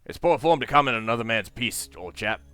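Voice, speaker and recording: An eccentric old army brigadier, cheery and blustering, as a man reads him out. His lines swing up and down with lively pitch and come out in a bright, forceful tone. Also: fast talker, no room sound. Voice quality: pompous, exclaiming. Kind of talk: reading game dialogue aloud.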